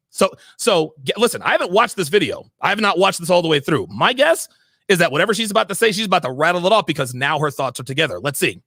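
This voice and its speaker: Sarcastic high-pitched male streamer. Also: very animated, fast talker, bright, forceful tone, no room sound, studio quality. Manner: sarcastic, repeats himself, laughs often; mimics the woman in a low mumbling voice. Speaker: commentary streamer reacting to a clip. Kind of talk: mocking reaction commentary.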